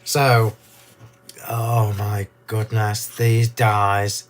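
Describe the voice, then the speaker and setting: A man at an ordinary mid pitch runs a live card-making demonstration, chatting away and gushing over every detail. His voice is slightly hoarse, as he is losing it. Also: a little slow. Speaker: crafting demo host.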